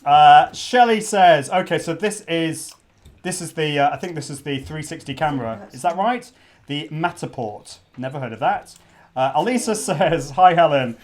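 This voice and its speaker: This podcast host, a middle-aged man, speaks at a moderate pace in a somewhat high voice with lively intonation while running a live stream launch party. His casual livestream chatter is full of restarts, and kids keep breaking in.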